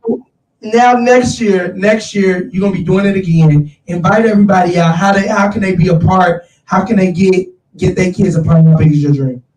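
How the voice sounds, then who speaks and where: A man hosting a casual chat, talking in an animated, slangy way and calling his listeners y'all. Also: sits high, fairly quick, distant mic. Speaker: show host. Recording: roomy, off-mic sound.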